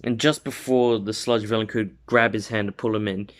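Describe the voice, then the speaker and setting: A man's voice: on the low side, steady tone, moderate pace. A man casually retelling a fan-made story, rambling with lots of "like" and restarts. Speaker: video host.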